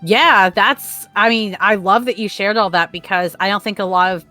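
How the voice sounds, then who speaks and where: A woman's voice: mid-range voice, normal speed, pushed and bright, faint music behind. A woman hosting an interview, listening with frequent small affirmations and reflecting back on what her guest said. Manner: encouraging, frequent short listening noises. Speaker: podcast host. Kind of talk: casual interview chat.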